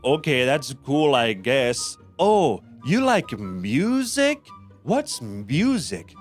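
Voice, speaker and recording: A man's voice: mid-range voice, sing-song, very slow, faint music behind. A man voicing a condescending man with a put-on Mexican accent who mocks other people's hobbies. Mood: mocking. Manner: sneering, dismissive.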